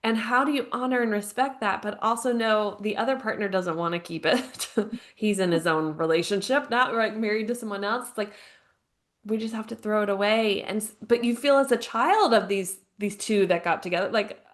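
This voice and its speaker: Woman, 30s, podcast guest, earnest and reflective, mid-pitched voice, casual filler words, light laughs. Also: normal speed. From United States. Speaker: podcast guest, grief counselor and author. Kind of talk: podcast interview, personal storytelling. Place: home, living abroad.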